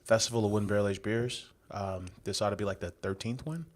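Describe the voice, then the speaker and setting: Low-voiced rambling male co-host. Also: steady tone, fast. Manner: rambling, lots of fillers and restarts, upbeat. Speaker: podcast co-host. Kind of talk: casual chat.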